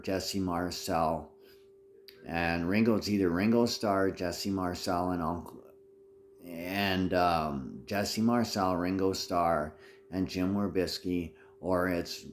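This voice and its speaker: A man's voice: deep voice, a little hiss or hum. A man talking in a rambling monologue, repeating himself and restarting phrases.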